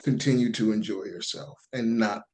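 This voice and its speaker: On a podcast, a male guest tells a story casually and with lots of animation, doing the voices of the people he quotes. His pitch is fairly low, his pace is normal, and the audio quality is poor.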